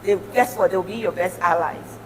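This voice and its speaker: In a reverberant hall with a little hiss or hum, a middle-aged woman delivers a motivational talk as a guest speaker. She speaks at a normal speed in a lowish voice, sounding earnest, encouraging, and warm as she gives advice.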